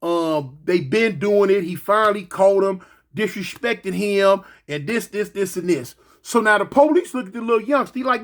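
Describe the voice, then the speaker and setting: A man tells a story in an animated way, repeating phrases and adding sound effects. His voice sits high for a man. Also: normal speed.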